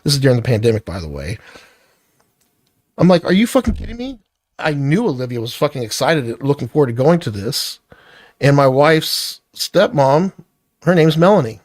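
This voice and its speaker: A middle-aged man ranting into the camera, his voice heated and full of profanity. He sounds close and dry, with no room echo, at an ordinary mid pitch. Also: expressive, moderate pace, darkish tone. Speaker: vlogger. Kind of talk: angry personal rant to camera.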